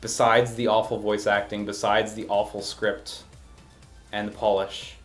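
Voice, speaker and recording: Exasperated low-voiced man reviewing a game. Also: unhurried, soft background music. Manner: sarcastic, exasperated, animated rants. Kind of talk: casual game review commentary.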